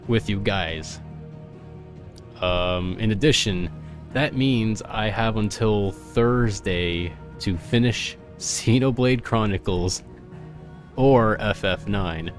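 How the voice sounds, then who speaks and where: Brief: casual gamer guy, slightly low voice, unhurried rambling with ums, faint game music behind. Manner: rambling, excitable, many fillers. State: out of breath. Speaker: gaming video creator. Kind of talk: casual gameplay commentary.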